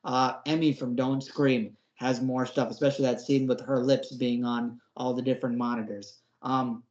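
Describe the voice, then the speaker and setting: With a flat delivery at normal speed, this man's mid-range voice carries a darkish tone. He co-hosts a podcast reviewing horror episodes, ranting in exasperated slang and mocking with whiny put-on voices, on a roomy, dull lo-fi recording.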